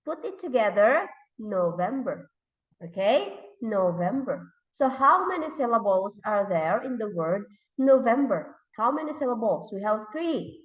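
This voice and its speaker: A woman English teacher with a Thai accent leading a classroom lesson, slowly repeating words and sounding out letters and syllables. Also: a little high, big pitch swings, recorded from a distance. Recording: echoey room, dull lo-fi sound.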